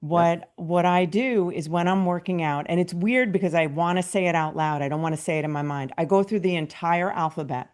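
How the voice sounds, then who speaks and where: Low-voiced woman from New York. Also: brisk, hardly any pauses. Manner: earnest, recites self-affirmations in a soft undertone. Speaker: podcast host. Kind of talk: casual podcast conversation.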